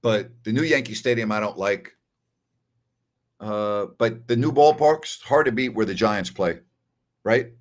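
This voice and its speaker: Hosting a sports talk show as a relaxed live-stream chat, an older man speaks in a fairly low voice at a measured pace with long pauses. He spins stories and keeps repeating phrases to emphasize them.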